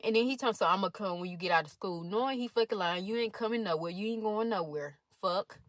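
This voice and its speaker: Speaking quickly in a mid-range voice, this young college-age vlogger delivers a profane, animated storytime. She reads text messages between others with blunt commentary, and the audio is dry.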